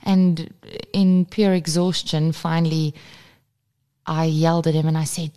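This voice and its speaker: Low-voiced mom, blunt. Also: female voice, level tone, unhurried, mellow, clear, resonant tone. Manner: candid, blunt, swears freely. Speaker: podcast co-host. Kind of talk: casual chat.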